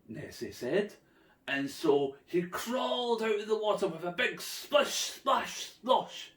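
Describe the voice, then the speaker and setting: A man telling a playful, animated story for children. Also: high-pitched, takes it slowly, recorded from a distance. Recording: echoey room.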